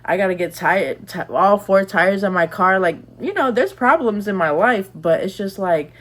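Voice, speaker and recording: A woman's voice: mid-range voice, expressive, moderate pace. A young woman giving candid, chatty advice in a casual vlog, rambling with lots of "like"s. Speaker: lifestyle vlogger.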